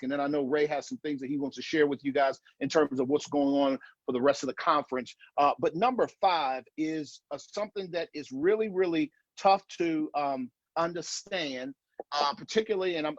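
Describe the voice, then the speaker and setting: Middle-aged male speaker, husky slightly raised voice, earnest and repetitive, dull video call audio. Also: on the high side, no echo. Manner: earnest, repetitive emphatic delivery with restarts. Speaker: marriage conference speaker. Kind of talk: online conference talk.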